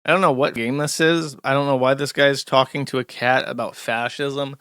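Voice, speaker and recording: A man delivers loose, sneering live-stream commentary, full of ums and restarts. His voice is bright and pushy, sitting at an ordinary male pitch, and the recording is dry, with no room sound. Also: fairly even intonation, moderate pace, smooth, no room sound. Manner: mocking, sarcastic, rambling with many fillers. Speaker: streamer host.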